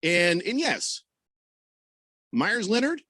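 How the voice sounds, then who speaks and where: A man hosting a sports radio talk show, telling stories in a lively way and voicing the people he quotes. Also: takes it slowly, no room sound. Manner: animated storyteller, voices quoted people with big pitch jumps. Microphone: studio microphone over video call.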